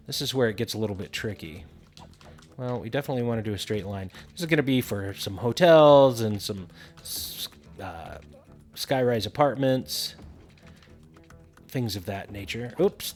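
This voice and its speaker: A man casually narrating a building game tutorial, thinking aloud with frequent fillers. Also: medium pitch.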